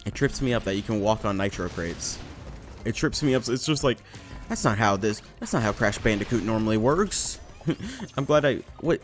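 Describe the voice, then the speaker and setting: A man giving casual let's play commentary, excitable and self-mocking, swearing and laughing often into a desk microphone. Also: on the low side, normal speed, faint music behind. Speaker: gameplay commentator.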